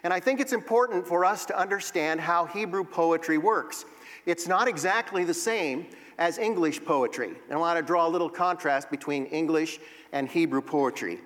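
A man's voice: fairly high pitch, normal speed, fairly bright tone. A man teaching a Bible class, explaining poetry step by step and reading verses aloud. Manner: explanatory, reads verses aloud and taps out rhythms. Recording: long reverb of a hall.

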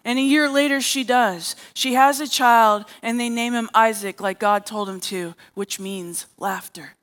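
A woman's voice: fairly high pitch, unhurried, fairly bright tone. A woman preaching a sermon as a therapist, telling a story and acting out the characters' lines.

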